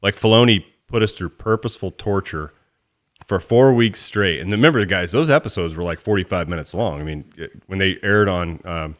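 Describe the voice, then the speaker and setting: A man with a very deep voice co-hosts a casual podcast. He talks in a rambling, enthusiastic way, full of restarts and asides. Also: fairly quick, fairly bright tone. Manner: rambling, enthusiastic fan talk. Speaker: podcast co-host. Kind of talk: casual chat.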